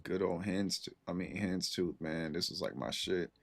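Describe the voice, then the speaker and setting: A young man talks loosely to his stream viewers, slangy and unhurried. His voice sits a little low, and he comes through a close computer mic. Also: fairly even intonation, gravelly, a bit bright. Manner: laid-back slangy storytelling, reacting to chat. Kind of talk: casual chat with stream viewers.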